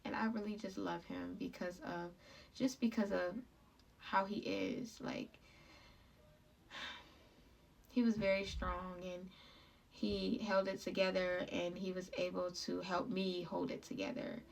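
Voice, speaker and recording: A young woman vlogger telling a personal story in a halting, heartfelt way, full of fillers. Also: on the low side, little pitch movement, gravelly, far from the mic.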